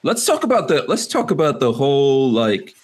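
A man's voice: mid-range voice, sing-song, moderate pace, slightly rough. A man hosting a casual podcast chat, rambling loosely and laughing often. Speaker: podcast host.

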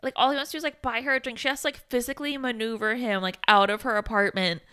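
A woman's voice: a little high, steady tone, very fast, a bit bright, smooth, no echo. A woman co-hosting a horror movie podcast, recapping scenes in casual, sweary, exasperated chat. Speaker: podcast co-host.

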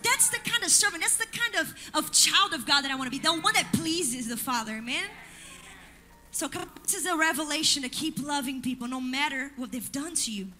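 A woman's voice: sits high, expressive, fairly quick, pushed and bright, soft background music. A woman pastor, preaching a sermon in church with emphatic delivery and call-and-response asides.

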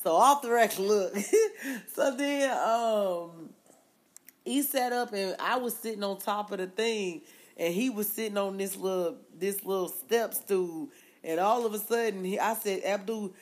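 A young woman co-hosting a casual podcast, telling stories loudly with lots of laughter and profanity. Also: medium pitch, a little slow. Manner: loud, laughing, profane storytelling. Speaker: podcast co-host. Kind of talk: casual chat.

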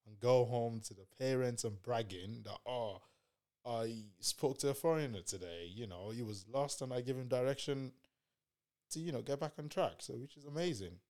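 A man from the UK, co-hosting a podcast, retelling a trip in slangy, animated casual chat. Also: medium pitch, moderate pace. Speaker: podcast co-host.

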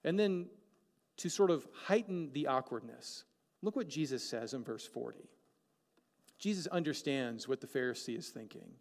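A pastor delivers a sermon in an animated, joking manner, firing many questions at the congregation. His voice is medium-pitched and creaky at a normal speed, and a long hall reverb fills the recording.

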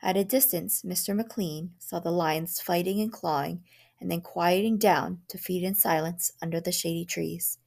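A woman teacher reading a short story aloud in a measured, dramatic way. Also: on the low side, fairly even intonation, vocal fry, a little mellow.

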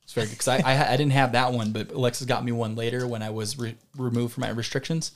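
A man's voice: mid-range voice, fairly even intonation, quick pace. A man co-hosting a podcast, telling a long story in casual chat, rambling and digressive, with some swearing. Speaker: podcast co-host.

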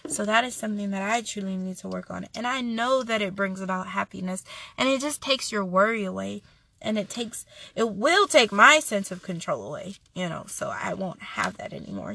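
A woman's voice: medium pitch, animated, normal speed, creaky, pushed and bright. A young woman hosting a devotional podcast, reading Bible verses and sharing an earnest, chatty personal testimony. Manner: earnest, chatty, self-correcting.

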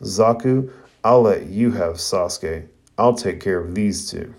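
Calm scheming ninja villain from a cartoon, low voice , some guy reading it. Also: unhurried.

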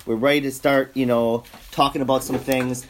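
A man's voice: medium pitch, little pitch movement, normal speed, a little hiss or hum. A man hosting a podcast in casual family chat, rambling and joking, repeating himself as he goes. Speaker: podcast host.

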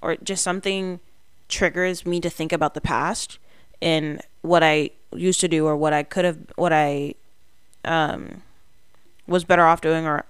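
A young woman hosts her own podcast alone, thinking out loud in a candid, rambling way. Her voice sits a little low and sounds smooth and resonant. The mic is close and dry, with no room sound. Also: steady tone, normal speed, no echo. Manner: candid, rambling self-talk. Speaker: podcast host. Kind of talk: solo podcast monologue.

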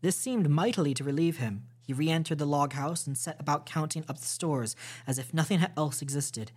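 For his podcast's storytime, a man reads from a classic novel in a fairly high voice, keeping a steady, measured delivery marked by small slips.

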